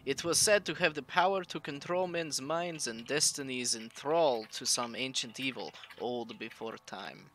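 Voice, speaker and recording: A man's voice: mid-range voice, a little slow, few pauses, fairly bright tone, slight background noise, rough recording. A man voicing a scholar with a Russian accent, reading an occult text aloud in a solemn, dramatic way.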